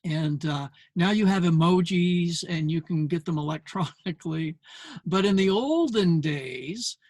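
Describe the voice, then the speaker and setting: A man's voice: a little high, measured pace, a little mellow, no echo. An older man hosting a parenting show, explaining a book in an earnest talk with many fillers. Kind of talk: casual talk to camera.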